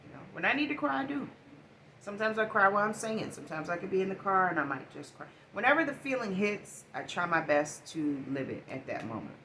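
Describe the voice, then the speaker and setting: Animated woman giving spiritual card readings. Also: medium pitch, fast talker, a little hiss or hum. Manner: animated, preachy, swings between loud and hushed. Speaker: spiritual oracle card reader.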